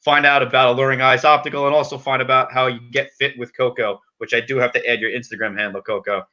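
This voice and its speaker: A man's voice: mid-range voice, fairly even intonation, sharp tone. A man hosting a live show over video call, upbeat and bantering. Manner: upbeat, quick plugs and banter. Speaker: host. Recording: slightly dull lo-fi sound.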